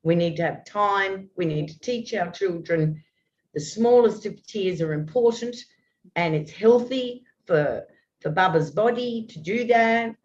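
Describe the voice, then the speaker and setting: A woman's voice: mid-range voice, measured pace, a little hiss or hum. A woman in her fifties, a guest talking earnestly and at length, with many restarts. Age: 50s. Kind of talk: open, heartfelt conversation. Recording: dull lo-fi audio.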